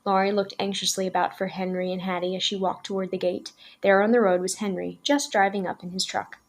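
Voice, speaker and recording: A woman storyteller gently and expressively reading a children's novel aloud. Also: medium pitch, flat delivery, brisk.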